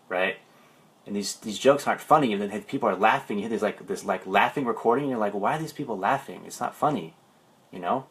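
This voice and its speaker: A man, a life coach, talking on a Facebook livestream, rambling through stories and then slowing into meditative phrasing. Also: lowish voice, a bit bright. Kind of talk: Facebook live talk. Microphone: livestream camera.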